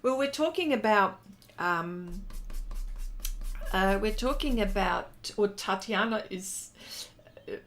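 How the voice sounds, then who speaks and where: A woman's voice: mid-range voice, animated, takes it slowly, pauses often. A middle-aged woman artist hosting a livestream, reading viewers' comments aloud and chatting back with lots of fillers. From lives in Texas. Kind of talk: casual livestream chat while drawing.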